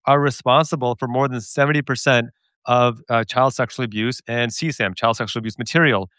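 A man's voice: medium pitch, steady tone, brisk, bright, forceful tone, no room sound, clean studio sound. A man hosting a political talk show, speaking emphatically and with indignation. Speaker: podcast host. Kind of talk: political discussion.

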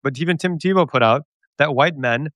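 A man's voice: fairly high pitch, a little fast, a bit bright, dry recording. A man hosting a political talk show, speaking emphatically and with indignation. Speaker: podcast host. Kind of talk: political discussion.

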